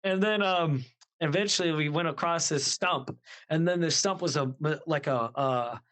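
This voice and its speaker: A man's voice: a little high, normal speed. A man co-hosting a podcast, telling a party story in casual chat and acting out the voices of the people in it. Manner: animated, acts out quoted voices. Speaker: podcast co-host.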